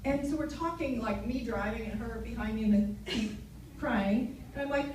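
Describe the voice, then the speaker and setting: A woman's voice: on the high side, moderate pace, darkish tone. A middle-aged woman, the mother of the bride, telling a story in a chatty way and laughing through her speech at a wedding reception. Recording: echoey hall from far off, crowd noise.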